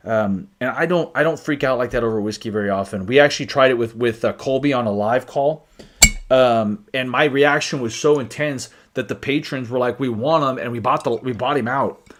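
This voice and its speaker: A man talks casually on a live stream about whiskey, reading viewer comments aloud as he goes. His voice sits in a mid-range pitch, and his speech is loose and chatty, full of restarts and fillers. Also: animated, fairly quick, a bit bright. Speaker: whiskey channel host.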